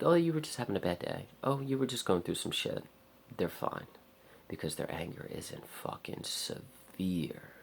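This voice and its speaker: A man's voice: low-pitched, creaky, a little hiss or hum. A young man in a raw personal vlog, rambling and swearing in frustration. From America. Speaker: vlogger.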